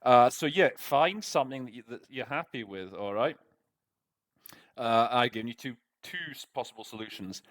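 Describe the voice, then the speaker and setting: With a mid-range, slightly bright voice, this man speaks expressively at normal speed while hosting an interpreting lesson. As a tutor breaking down a text casually, he chats away with plenty of fillers and false starts.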